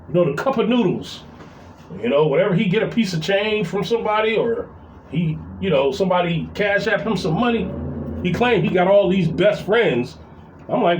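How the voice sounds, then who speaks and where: Brief: middle-aged man, high voice, profane rambling rant, roomy echoey room. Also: lively intonation, normal speed, slight background noise. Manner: profane, rambling, full of fillers and repeats. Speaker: vlogger venting about family. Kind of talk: casual storytelling rant. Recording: roomy echo.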